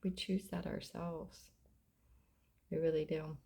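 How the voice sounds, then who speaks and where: A middle-aged mother talking about faith and self-love in a casual vlog, often dropping into soft whispers. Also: sits low, little pitch movement, slow pace, creaky, husky. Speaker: mother sharing reflections. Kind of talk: casual heartfelt vlog talk.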